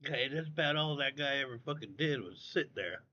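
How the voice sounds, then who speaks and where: A man's voice: mid-range voice, animated, fairly quick, sharp tone, muffled recording. A man streaming live, talking casually and ranting with a lot of swearing. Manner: profane, ranting. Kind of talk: casual livestream chat.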